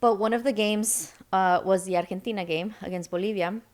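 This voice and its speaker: A young woman from Seattle, a podcast guest, telling a story in a casual chat, acting out the people she quotes. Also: fairly quick. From Seattle, United States. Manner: animated storyteller, acts out quoted voices with sudden high pitch.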